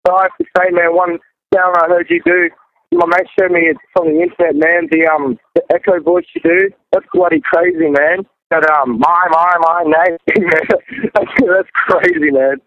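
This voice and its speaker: A man, a beatboxer answering interview questions in a loose, halting way and calling the interviewer "man". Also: high-pitched, muffled recording, slight background noise. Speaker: beatboxer guest.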